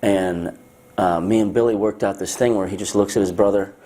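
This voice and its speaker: A man, a film director, telling stories in a casual interview, animated and profane. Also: fairly low pitch, a little fast.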